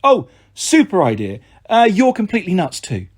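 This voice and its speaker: A frightened but sharp-tongued teenage girl, defiant and sarcastic, her voice lifting a touch higher. Her words carry a faint husky grain, as a man reads her part in a storybook. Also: wildly swooping pitch, normal speed, full character voice.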